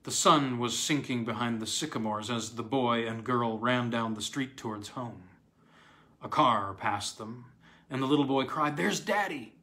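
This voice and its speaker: A man narrating a horror story aloud, dramatic, with sharp swings in pitch and loudness. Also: unhurried. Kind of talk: scripted horror story reading.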